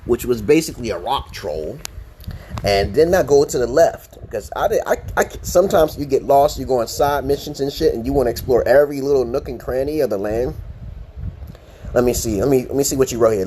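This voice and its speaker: A man's voice: medium pitch, animated, fairly quick, warm tone, slight background noise. A man from Brooklyn, hosting a casual livestream and telling a rambling, profane story full of restarts. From Brooklyn, New York, USA. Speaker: livestream host.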